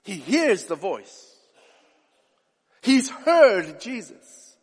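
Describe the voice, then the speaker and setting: A man preaching a sermon in a church hall, animated and acting out the voices he quotes. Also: sits high, very slow, husky. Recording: reverberant hall.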